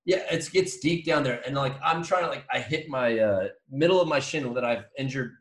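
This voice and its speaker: A man co-hosting a podcast who tells a story excitedly in casual chat, swearing often and acting out his own yelling. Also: medium pitch, normal speed. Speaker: podcast co-host. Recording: roomy echo.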